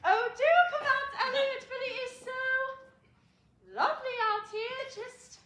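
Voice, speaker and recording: A woman's voice: very high-pitched, steady tone, pushed and bright. A young woman in a school stage play, playing a flamboyant, gushing actress who speaks in a theatrical way. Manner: theatrical, gushing, drawn-out vowels. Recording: echoey auditorium, faint hiss.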